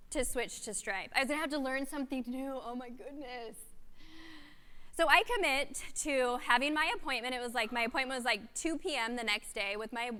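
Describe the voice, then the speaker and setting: Bright, expressive woman keynote speaker. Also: on the high side, clear, resonant tone. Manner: lively, animated storytelling with acted quotes. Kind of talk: storytelling keynote talk. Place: conference hall. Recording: long hall reverb.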